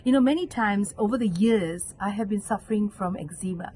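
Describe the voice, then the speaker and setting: A woman's voice: brisk, a little mellow, a little hiss or hum, poor audio. A woman with a Malaysian English accent giving an earnest devotional reflection on a scripture reading, as a lay catechist. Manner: earnest, acts out quoted voices with sudden pitch jumps.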